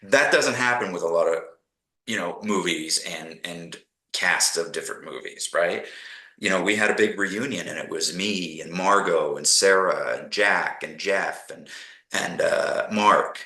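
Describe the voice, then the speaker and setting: A middle-aged man from Canada, a podcast guest telling animated stories and acting out the people he quotes. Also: sits low, unhurried, echoey room, poor audio. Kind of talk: casual storytelling interview.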